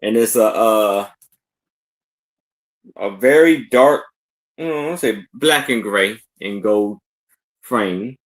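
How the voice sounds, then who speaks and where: A man co-hosting a live online sale, describing an old framed photo in slow, halting talk full of fillers. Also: lowish voice. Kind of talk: casual live sale chat.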